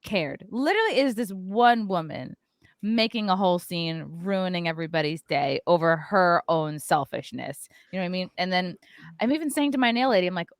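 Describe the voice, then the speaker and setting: Woman podcast host, animated storyteller, acts out quotes, dry mic. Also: lowish voice, a little fast, no echo. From New York area. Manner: acts out quotes, frequent "like" fillers.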